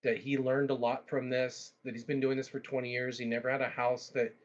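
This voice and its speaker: Talking a little fast in a mid-range voice, a man hosting a livestream relates a long story with plenty of asides and restarts, keeping it casual and animated. The sound is lo-fi.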